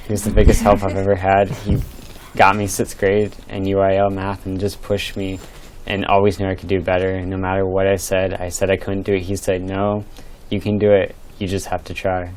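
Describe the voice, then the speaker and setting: A young man with a very deep voice speaks in an almost flat tone. He gives earnest, measured thanks with some "um"s and "uh"s. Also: slight background noise, low-quality recording. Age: late teens. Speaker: graduating student. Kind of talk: interview answers.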